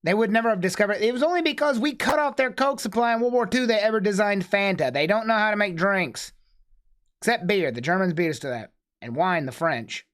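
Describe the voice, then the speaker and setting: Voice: medium pitch, expressive, fairly quick, fairly bright tone. A streamer reacting to a video, making blunt jokes with swearing. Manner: blunt joking interjections with swearing. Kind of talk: live reaction commentary.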